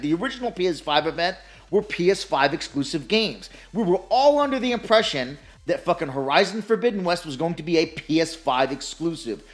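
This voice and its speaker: A gaming commentator ranting in a sarcastic, profane way, laughing often and mocking others in put-on voices. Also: mid-range voice. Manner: mocks opponents with put-on quoted voices.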